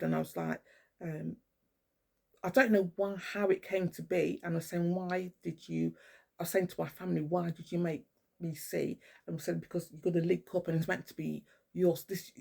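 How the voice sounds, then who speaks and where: Middle-aged woman, gravelly and husky, rambling spiritual vlogger who swears freely. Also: lowish voice, fairly even intonation, normal speed, darkish tone. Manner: rambling, swears often, many fillers and restarts. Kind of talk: casual rambling monologue. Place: at home indoors with a cat.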